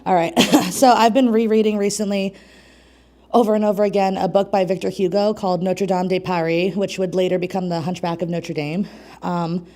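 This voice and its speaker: A woman's voice: mid-range voice, steady tone, normal speed, a little mellow. Breathless, giggly woman poet at an open mic. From New York State. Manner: nervous, laughing asides, chatty. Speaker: poet and co-host. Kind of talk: open mic poetry reading. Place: small community venue.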